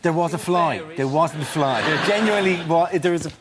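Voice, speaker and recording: A man's voice: on the high side, crowd noise. A man hosting a comedy panel show, joking at his own expense between topics. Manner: laughing, self-mocking, quick asides. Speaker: host. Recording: TV studio with loud audience.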